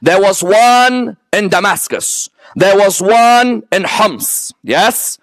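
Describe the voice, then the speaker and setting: A man with a notably high voice teaches religious history to a live audience. The sound is dry and close, with little room around it. He walks his listeners through points one at a time and keeps pulling them in with "yes?" and "correct or no?". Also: expressive, no echo. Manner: lists items one by one in a slow, emphatic way. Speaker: religious lecturer.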